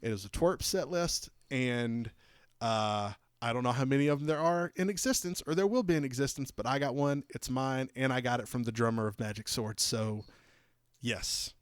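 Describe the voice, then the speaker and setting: A man of average pitch co-hosts a podcast and spins a rambling anecdote with plenty of fillers and restarts. His delivery is animated and chatty, and the sound is close and dry with no room echo. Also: moderate pace, clean tone. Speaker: podcast co-host. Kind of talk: casual storytelling chat.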